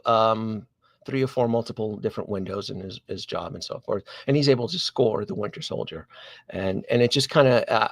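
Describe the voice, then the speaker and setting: A man's voice: medium pitch, no echo. Man, stream host, rambling casual storytelling, dry close sound. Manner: animated, digressive, many restarts and asides to viewers. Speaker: host of a collectibles live stream.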